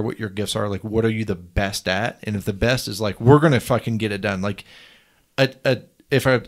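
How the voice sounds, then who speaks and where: A man hosting a podcast, asking questions and reflecting in a coaching tone with casual swearing. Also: medium pitch. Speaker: podcast host.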